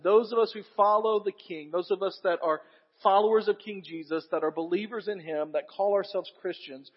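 A man preaching a sermon, his voice pitched high for a man. He speaks earnestly, builds emphasis through repeated phrases and asks the congregation questions. The sound is dull and lo-fi, with a long reverb trailing through the church hall. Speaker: pastor.

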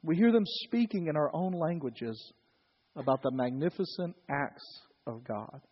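A middle-aged man with a Southern US accent preaches a sermon with a high voice. His folksy delivery runs from loud stories to hushed solemn points. The sound is muffled and carries a long church-hall reverb. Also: breathy edge. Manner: folksy, swings between loud storytelling and quiet solemn preaching. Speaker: pastor. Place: church sanctuary.

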